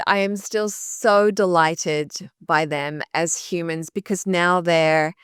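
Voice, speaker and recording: A woman in her fifties, a podcast guest, telling stories in a warm, animated way and laughing easily. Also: lowish voice, slow, smooth, no room sound, clean studio sound. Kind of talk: interview conversation.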